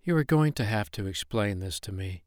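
A man's voice: fairly low pitch, animated, normal speed, no echo, studio quality, natural voice. A man voicing a bewildered young woman lover. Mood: curious.

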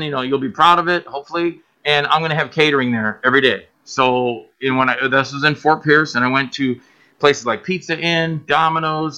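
Bright-voiced guy on a podcast, telling movie stories and doing voices. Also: fairly high pitch, dull audio. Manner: animated, acts out quoted voices, laughs often. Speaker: filmmaker guest. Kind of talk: casual storytelling interview.

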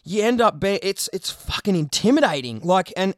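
A young man chatting casually as a podcast co-host, rambling, animated and swearing a lot. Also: high voice, moderate pace, no echo, studio quality. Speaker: podcast co-host, video creator. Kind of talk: casual chat.

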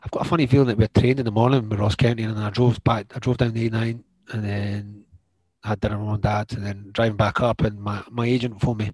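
A middle-aged Scottish man, a former footballer, telling stories in a lively way, acting out what others said and laughing along. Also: lowish voice, fast talker, husky, dry recording. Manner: animated, acts out quoted dialogue, laughs often. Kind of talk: storytelling anecdotes in conversation.

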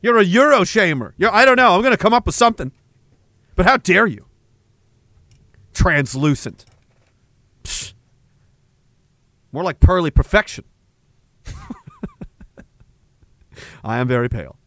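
A high, bright male voice that swings widely as he jokes through chat messages, swearing freely and acting outraged. The sound is close and dry with no room around it. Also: expressive, measured pace, long pauses, no echo. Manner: profane, joking, mock-indignant. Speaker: streamer reading chat. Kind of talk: casual chat.

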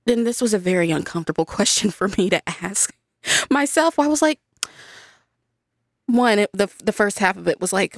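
A woman's voice: mid-range voice, lively intonation, moderate pace, gravelly, dry recording, clean studio sound. A woman from the United States co-hosting a podcast, thinking aloud in casual chat with hesitant, trailing phrases. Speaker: podcast co-host.

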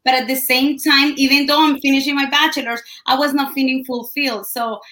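A woman's voice: fairly high pitch, sharp tone. A young woman from Colombia with a Colombian Spanish accent, a guest chatting in an interview, with many restarts. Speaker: guest, business owner. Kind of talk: casual interview conversation.

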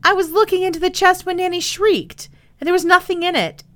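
A woman's voice: extremely high pitch, steady tone, a little fast, a bit bright, pitched above the performer's own voice. A woman voicing a blunt, eager older boy.

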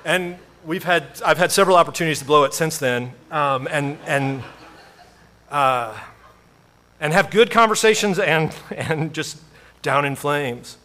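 A male pastor delivers a sermon in a relaxed, conversational way, telling stories and poking fun at himself. His voice sits a little higher than most men's. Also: measured pace. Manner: conversational storytelling with self-deprecating humor.

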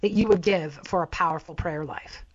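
A woman's voice: lowish voice, normal speed, dull audio. A woman hosting an interview, asking questions in a friendly, easygoing way. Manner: friendly, lightly laughing questions. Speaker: interview host. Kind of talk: casual interview.

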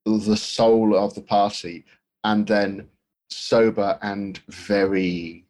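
Husky man chatting about films. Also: fairly low pitch, a little mellow. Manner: hesitant, many restarts and fillers. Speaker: podcast co-host. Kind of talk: casual film discussion.

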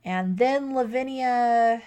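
A woman in casual chat, recapping a book plot in a lively way and quoting characters as she goes. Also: on the high side, slow, clean tone. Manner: animated retelling with acted quotes and laughs. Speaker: podcast co-host recapping a book.

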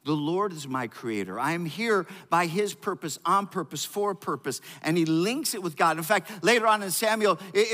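High-voiced preacher in a reverberant hall. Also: male voice. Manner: calls out to the congregation for answers; swings between loud emphasis and quiet, low delivery. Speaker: pastor. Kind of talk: sermon. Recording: long reverb of a large hall.

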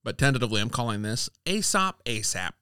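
A man's voice: mid-range voice, fast talker, clear, resonant tone, no room sound, clean studio sound. A man co-hosting a casual podcast, reading old fables aloud in a playful way and bantering with his co-host. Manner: playful, reads quoted lines with lively voices. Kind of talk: casual chat and storybook reading.

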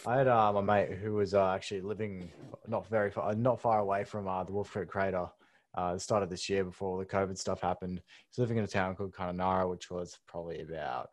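Aussie guy, deep-ish voice, laid back host, swears a lot. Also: fast talker. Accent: Australian. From Australia. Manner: relaxed, swears casually. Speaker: podcast host. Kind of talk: casual interview chat.

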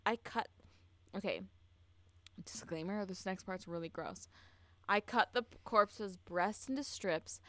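Woman podcast co-host narrating true crime, crisp bright tone, dry close sound, blunt and swearing. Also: medium pitch, a little slow, pauses often, dry recording. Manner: blunt and profane, with many fillers.

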